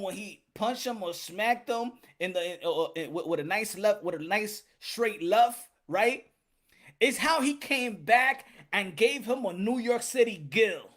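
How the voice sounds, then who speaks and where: A man hosting a boxing talk stream in loose, laughing commentary, swearing freely and calling out viewers by name. His voice is very high and bright, and it swings up and down with a lot of energy. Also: a little slow. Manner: animated, laughing, profane, greets viewers. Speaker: boxing show host. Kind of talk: casual livestream commentary.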